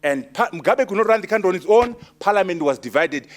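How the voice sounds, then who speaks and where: A man from Zimbabwe, an author answering audience questions at his book launch with forceful, teasing emphasis. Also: high-pitched, animated, quick pace. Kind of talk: lively Q&A talk.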